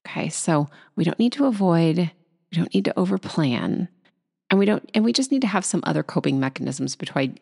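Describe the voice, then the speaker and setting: A woman hosting a solo podcast about anxiety, talking quickly and acting out anxious inner thoughts. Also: fairly low pitch, expressive, creaky, mellow, husky. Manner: fast, tumbling, acts out anxious inner voices. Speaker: podcast host.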